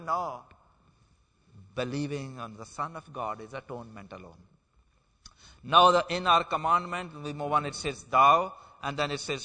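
Slow, emphatic preacher in a reverberant hall. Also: male voice, very high-pitched, pushed and bright. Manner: emphatic, slow and deliberate, stressing key words. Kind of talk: sermon.

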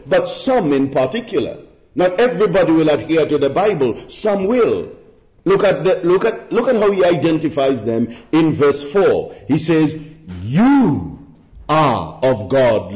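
A man preaching an expository sermon, deliberate and emphatic, asking his listeners rhetorical questions. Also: high voice. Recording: dull lo-fi recording.

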